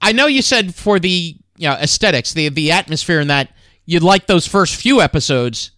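A man's voice: fairly high pitch, lively intonation, normal speed, sharp tone, no room sound, studio quality. A man co-hosting a podcast in casual chat, hesitant with fillers and full of trivia. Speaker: podcast co-host. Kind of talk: casual chat about old sitcoms.

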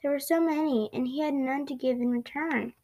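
A woman reading a children's storybook aloud in an expressive way, with small slips. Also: sits high, brisk, rough recording. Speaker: storybook reader.

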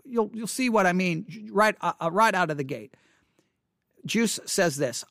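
A man's voice: high-pitched, creaky, fairly bright tone, dry recording, studio quality. A man casually talking through a song's lyrics, reflective and hesitant, with frequent restarts and fillers. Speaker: song commentator. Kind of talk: casual spoken lyric interpretation.

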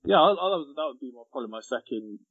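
A man hosts a casual film review podcast, rambling and joking as he recalls scenes. His voice sits at a middle pitch. The audio is a little muffled. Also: expressive, rapid-fire, breathy edge. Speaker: podcast host.

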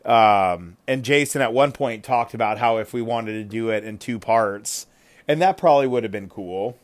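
A man hosting a casual podcast chat, talking in an animated way with frequent fillers and exclamations. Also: fairly low pitch, normal speed.

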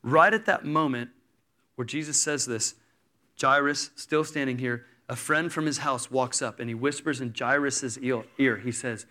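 A man in his thirties preaching a sermon, telling a story with lively energy and acting out the people in it. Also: mid-range voice, moderate pace. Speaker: pastor.

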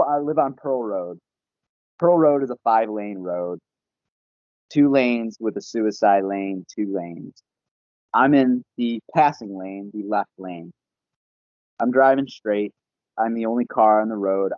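A young man, a podcast guest, telling a casual story in an animated, profane way and laughing often. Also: on the low side, dry recording. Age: young adult. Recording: dull, lo-fi podcast audio.

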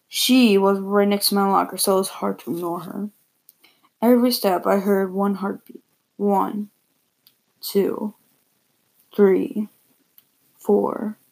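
A woman reading a first-person story aloud, plainly and a little haltingly, with repeated words. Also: mid-range voice, creaky, a little mellow, rough recording.

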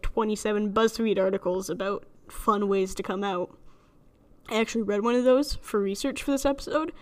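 A young woman with a slight lisp hosting a solo podcast, chatty and rambling, joking at her own expense. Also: a little high. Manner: chatty, rambling, self-deprecating with frequent laughs. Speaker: podcast host. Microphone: studio microphone alone in a room.

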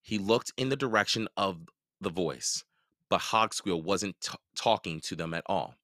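A man hosting a podcast, reading a children's novel aloud in a lively, expressive way. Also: sits low, a little slow, no echo, studio quality. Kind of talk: storybook read-aloud narration.

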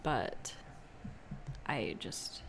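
A woman's voice: very slow, whispered. A young woman co-hosting a podcast, talking casually about music with frequent ums. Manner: relaxed, hesitant with many ums. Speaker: podcast co-host. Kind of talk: casual chat.

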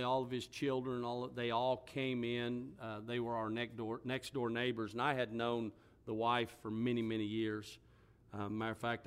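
A middle-aged American man preaches from the pulpit in a voice of middle pitch. He tells his stories softly and slowly, going almost to a murmur for quoted words. Then he lifts his voice to make his points with force. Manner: storytelling, drops to a hushed voice for quoted words, then rises with emphasis. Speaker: pastor. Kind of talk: sermon.

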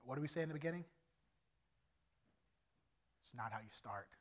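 Animated evangelist man, loud then hushed. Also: medium pitch, moderate pace. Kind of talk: testimony sermon.

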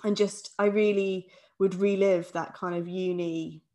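A woman's voice: medium pitch, steady tone, measured pace, warm tone. A woman around thirty, co-hosting a podcast in casual chat and steering it with questions. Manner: easygoing, steers the conversation with questions. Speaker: podcast co-host.

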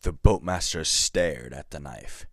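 Man, podcast story host, very deep voice, measured scripted narration, dry close sound. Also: no room sound.

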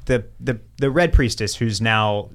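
A man's voice: on the low side, a little slow. A man co-hosting a casual podcast, chatty, often restarting his sentences. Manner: chatty, stumbling over words. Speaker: podcast co-host.

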